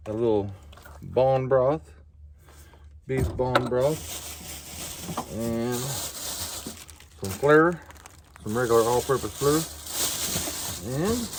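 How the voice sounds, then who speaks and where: A middle-aged man with a Southern US accent chatting folksily to a nearby camera as he cooks at a winter campsite, with outdoor noise and a sizzling pan. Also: medium pitch. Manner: folksy, chatty, talks while cooking. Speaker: outdoor vlogger. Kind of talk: casual cooking chat to camera. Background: outdoor ambience and frying food.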